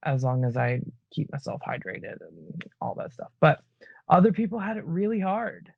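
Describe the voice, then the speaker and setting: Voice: mid-range voice, animated, normal speed, creaky, husky, dry recording, muffled recording. A podcast co-host in casual chat, rambling and enthusiastic with many restarts.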